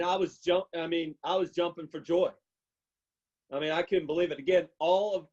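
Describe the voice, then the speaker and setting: A man giving an emotional personal testimony on a video call, halting and repeating himself as he chokes up. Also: sits high, a little mellow. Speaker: testimony speaker. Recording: muffled video call audio.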